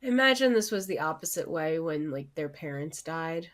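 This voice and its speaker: A woman's voice: deep voice, animated, normal speed. A woman co-hosting a casual recap podcast, chiming in with short remarks. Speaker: podcast co-host.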